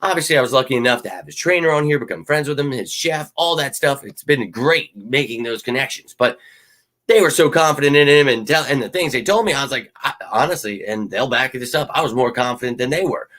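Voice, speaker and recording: A fired-up man hosts a live fan stream in loose, profane chat, swinging between loud bursts and mutters. His voice is forceful and sharp-edged, a bit worn from yelling at a game. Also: mid-range voice, animated, fairly quick. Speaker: sports fan show host.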